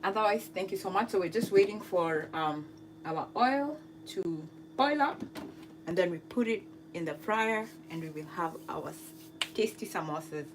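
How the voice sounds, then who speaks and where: This cooking livestream host speaks on the low side with an expressive delivery, though there's noise behind her. In a relaxed live chat with viewers, she takes her time, fills pauses often, laughs frequently and attempts some French.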